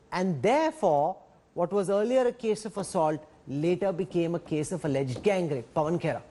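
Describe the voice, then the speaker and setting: An Indian news anchor moderates a TV debate, pressing his panel with measured, probing questions. His voice is notably high for a man. He keeps firm control of the exchange. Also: lively intonation, dark tone.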